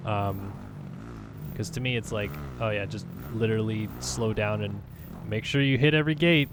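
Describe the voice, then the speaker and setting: A man from California giving relaxed, chatty commentary over his racing game, thinking aloud with lots of fillers. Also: fairly low pitch, moderate pace, background noise. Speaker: gaming channel host. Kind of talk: casual gameplay commentary.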